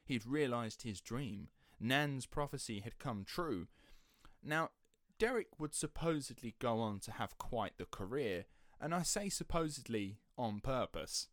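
Man, podcast host, sceptical and chatty, mid-pitched, dry close sound. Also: expressive, a little slow, a bit bright, no echo. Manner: chatty, sceptical, slips into quoted voices. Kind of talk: casual storytelling chat.

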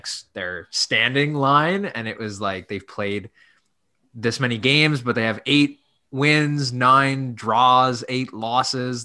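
A man with a bright, forceful voice chats on a football podcast. He rambles off into silly side stories before he gets to his score prediction. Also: mid-range voice. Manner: rambling, goofy tangents. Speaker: podcast co-host. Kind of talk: casual sports chat.

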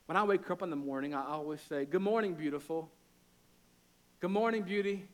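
A pastor in his thirties preaching a sermon, telling family stories and building to loud impassioned peaks. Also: on the high side, fairly quick, a little hiss or hum.

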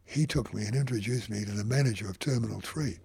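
A man's voice: on the low side, fast talker, creaky, darkish tone, breathy edge, dry recording. An older man, telling a rambling anecdote in an interview and acting out the voices of people he quotes. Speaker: photographer. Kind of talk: anecdotal storytelling.

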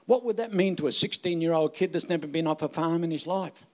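A man's voice: a little high, a little fast, few pauses, darkish tone. An older man preaching a sermon, joking and asking the audience emphatic rhetorical questions. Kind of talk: sermon with humorous stories.

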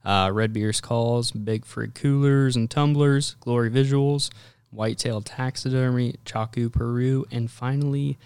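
A man's voice: medium pitch, steady tone, unhurried, a little mellow, clean tone, dry recording. A young man co-hosting a hunting podcast, telling stories in a laid-back way with many fillers. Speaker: podcast co-host. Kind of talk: casual storytelling chat.

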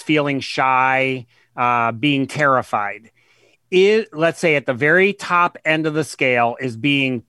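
A man, a guest author, explaining his ideas in an interview, earnest and emphatic, slowing down to stress key words and retelling conversations as examples. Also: medium pitch, bright, forceful tone, no echo, clean studio sound.

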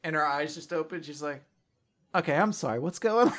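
A man's voice: on the high side, fairly quick, a bit bright. A man casually recapping an anime episode with a co-host, laughing and acting out the characters' lines. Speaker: podcast co-host.

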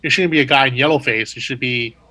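Man, casual chat, bright voice, dry close sound, rambling. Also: mid-range voice, fast, dry recording. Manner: rambling, many fillers and restarts. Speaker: podcast co-host.

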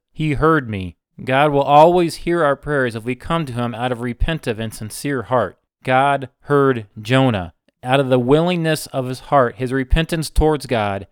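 A man preaching a Bible sermon, slow and emphatic, repeating short phrases. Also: mid-range voice, smooth, dry recording, clean studio sound.

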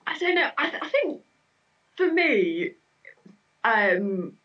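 A woman's voice: fairly high pitch, big pitch swings, slow pace, far from the mic, highs cut off. A woman with a Cornish accent, an academic researcher who talks hesitantly with many fillers in a casual conversation. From Cornwall.

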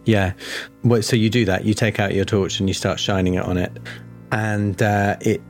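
A man running a tabletop horror game as game master, narrating with many pauses and restarts. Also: on the low side, level tone, faint music behind. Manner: hesitant, many fillers and restarts.

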